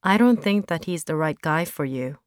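A woman reading as a gentle teenage boy. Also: low voice, lively intonation, normal speed, smooth, no echo, studio quality. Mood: earnest. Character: teenage boy, gentle hopeful best friend.

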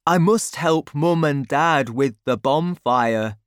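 A friendly young boy, eager and cheerful, welcoming his friends to a party in a storybook, voiced by a woman. His voice sits high and lifts with energy. The sound is close and dry. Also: slow pace, clear, resonant tone, dry recording.

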